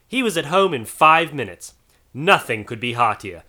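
A man narrating a storybook in an expressive, animated reading. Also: medium pitch, normal speed.

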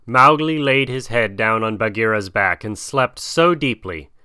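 A man narrating a storybook slowly and dramatically, close to the mic. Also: medium pitch, animated, pushed and bright, smooth, dry recording. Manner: slow, measured and dramatic. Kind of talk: storybook reading.

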